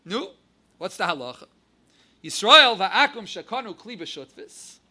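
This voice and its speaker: American rabbi, Yiddish-laced lecture, sharp, keen voice, lively build-ups. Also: male voice, high-pitched, a little slow, breathy edge. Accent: American English with Yiddish and Hebrew terms. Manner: animated, rising emphasis on key words. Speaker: rabbi giving a Torah class. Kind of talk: halacha lecture.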